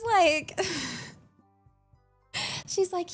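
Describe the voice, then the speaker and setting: A young woman streaming, chatting casually in a giggly, animated, exclamatory way. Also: sits high, unhurried, pauses often, soft background music. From England. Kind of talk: casual chat.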